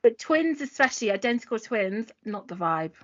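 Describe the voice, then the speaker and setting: A woman's voice: fairly high pitch, very animated. Chatty young woman co-host. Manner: casual, quick and chatty with slang. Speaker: podcast co-host. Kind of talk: casual chat. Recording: dull lo-fi recording.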